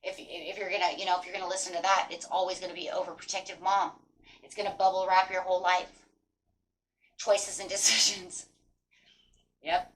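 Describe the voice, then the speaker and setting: A woman giving a casual spoken tarot reading, animated and encouraging, mixing card text with chatty asides and acted-out quotes. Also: on the low side, brisk, long pauses, poor audio. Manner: acts out quoted inner voices. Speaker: tarot reader.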